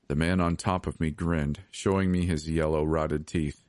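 A man reading a scripted horror story as podcast narrator, steady and measured. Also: very deep voice, dry recording.

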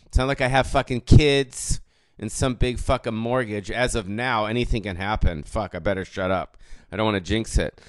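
A man in his late forties ranting on his own podcast, rambling and swearing, with loud bursts of bravado and mumbled trailing fillers. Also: on the low side, moderate pace, no echo. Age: 40s. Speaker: podcast host. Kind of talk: profane comedic rant.

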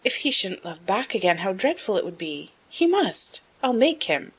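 A woman reading a spirited, frank, headstrong young woman in an audiobook, in a brisk, emphatic way. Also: on the low side, slightly rough, exaggerated voice. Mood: alarmed. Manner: brisk, emphatic, rising to excited outbursts.

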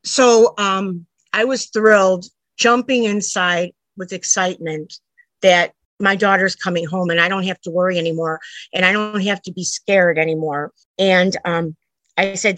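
Low-voiced middle-aged woman telling a story. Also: steady tone, a little slow, fairly bright tone, no room sound, rough recording. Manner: earnest, rambling retelling that jumps back and forth in time. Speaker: interviewee, a mother telling her daughter's story. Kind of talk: personal storytelling.

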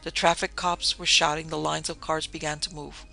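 A man narrates a novel in a steady, measured audiobook reading. His voice is gravelly and very bright, pitched somewhat high, with faint music beneath. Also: low-quality recording. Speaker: audiobook reader. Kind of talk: scripted narration.

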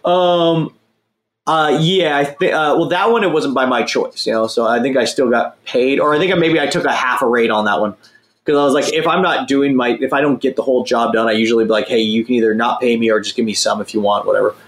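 Young guy, casual profane storyteller, mid pitch, echoey room. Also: a little fast. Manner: profane, rambling, self-mocking. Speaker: guest telling a story.

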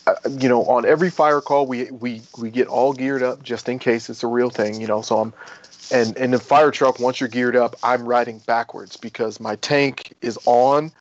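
A man's voice: mid-range voice, normal speed, lo-fi sound. Man ex-Marine firefighter, loose and profane. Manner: rambling, profane, animated when retelling stories. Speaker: guest, former Marine turned firefighter. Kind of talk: casual interview storytelling.

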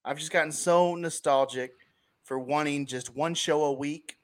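A young adult man hosting a casual sports podcast over a video call, riffing in an animated way. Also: fairly high pitch. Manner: animated, riffing, quick asides. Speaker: podcast host.

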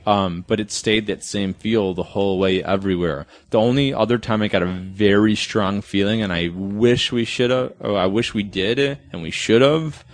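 A man co-hosting a casual podcast, talking in halting bursts and repeating words as he restarts. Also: on the low side, no room sound. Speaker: podcast co-host. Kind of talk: casual group podcast chat.

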